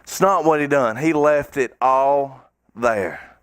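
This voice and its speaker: A man preaching a sermon as pastor in a church, fervent and folksy, sometimes breaking into shouts. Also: medium pitch, takes it slowly, smooth, no echo, studio quality. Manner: colloquial, folksy phrasing. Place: church sanctuary.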